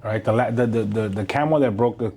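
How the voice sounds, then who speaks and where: A man's voice: fairly low pitch, a little fast, mellow, a little hiss or hum. A man, telling stories casually as a guest, rambling, swearing and slipping in Spanish words. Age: 40s. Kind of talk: casual conversational storytelling.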